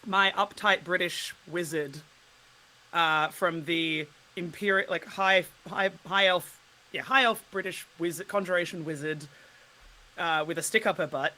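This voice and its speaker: A woman with an Australian accent, chatting casually as a podcast guest in an animated way and laughing often. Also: on the low side, unhurried, rough recording. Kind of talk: casual chat.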